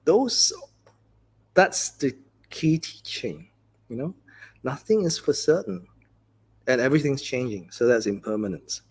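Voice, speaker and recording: A man who is a Buddhist monk, giving a dharma talk in a gentle, conversational storytelling way, often saying "you know". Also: medium pitch, husky.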